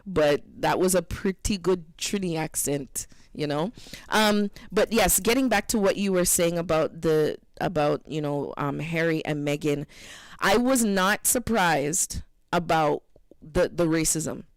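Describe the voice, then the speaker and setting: A woman's voice: low voice, measured pace, no echo. Chatty woman radio co-host, dry sound. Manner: chatty, animated storytelling. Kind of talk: casual radio talk.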